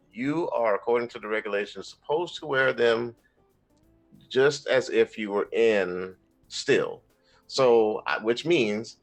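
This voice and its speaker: A man, an Army veteran, talking as a guest on a live stream, telling a story in a rambling, relaxed way. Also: medium pitch. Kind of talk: livestream interview chat.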